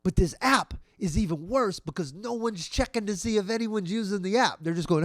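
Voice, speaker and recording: A middle-aged comedian talks through a solo podcast monologue, wry and conversational, often trailing off and starting over. His voice sits a little high for a man, and the recording is dry and close. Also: a little fast, no room sound.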